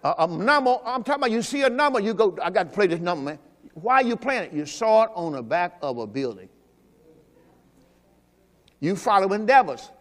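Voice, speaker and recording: A man pastor preaching a Sunday sermon, swinging between loud exhortation and quiet asides. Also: high-pitched, sing-song, brisk, pauses often. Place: church during a Sunday service. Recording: long reverb from a church hall.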